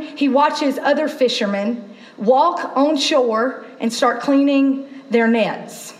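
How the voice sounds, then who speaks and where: A woman pastor delivers a sermon in a high voice, conversational and lively as she acts out little scenes. The recording carries the echo of a large church auditorium. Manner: conversational, animated storytelling with acted asides.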